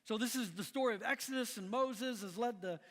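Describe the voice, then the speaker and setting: A middle-aged man from Missouri preaching a conversational sermon, animated and full of restarts. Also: extremely high pitch, a little fast. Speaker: pastor. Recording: long echoing hall reverb.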